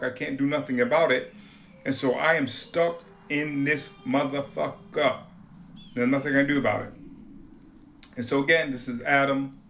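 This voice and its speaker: Gravelly, profane man rambling candidly. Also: a little high, a bit bright, a little hiss or hum. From Rhode Island, USA. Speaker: vlogger. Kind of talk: casual confessional monologue.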